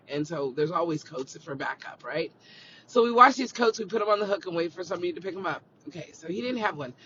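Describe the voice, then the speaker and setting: A man chatting on a livestream from a car, animatedly acting out the people in his stories. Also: high-pitched. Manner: animated, acts out quoted dialogue. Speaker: livestream host and school staff member. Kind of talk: casual livestream chat and storytelling. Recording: slightly muffled phone audio, faint noise.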